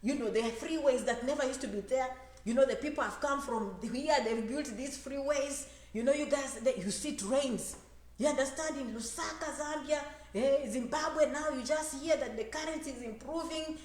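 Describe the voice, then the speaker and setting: A woman with a high voice gives an animated talk about immigration, playing out voices and hammering points home with repetition. Her voice rings through a roomy, echoing space. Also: moderate pace. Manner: animated, acts out quoted voices, repeats phrases for emphasis. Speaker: immigration advisor and speaker. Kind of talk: lively motivational talk to an audience. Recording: echoey room.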